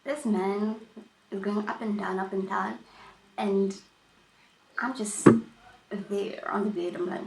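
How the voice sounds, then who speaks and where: Animated woman, echoey room. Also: medium pitch, takes it slowly, vocal fry, long pauses, a little hiss or hum. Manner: animated, emphatic, repeats herself. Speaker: vlogger. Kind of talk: storytime chat.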